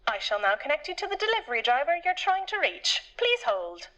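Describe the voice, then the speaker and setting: An actress voicing a brisk, officious female clerk at a delivery company. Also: high-pitched, big pitch swings, pushed and bright, heavily acted. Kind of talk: video game voice acting.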